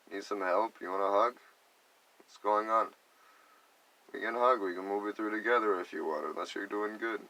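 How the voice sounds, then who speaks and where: A man's voice: on the low side, bright, forceful tone. A man in a rambling spiritual monologue, musing on energy and acting out imagined conversations. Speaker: vlogger talking about energy healing.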